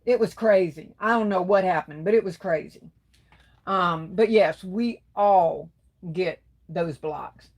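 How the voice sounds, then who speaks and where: A woman's voice: lowish voice, takes it slowly. A woman hosting a craft livestream, reading viewer comments aloud and chatting back with endearments like baby and darling. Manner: warm, affectionate, calls viewers baby and darling. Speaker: livestream host.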